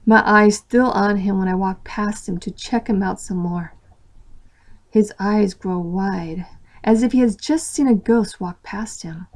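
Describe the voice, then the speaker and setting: A woman reading a story aloud in expressive first-person narration. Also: medium pitch.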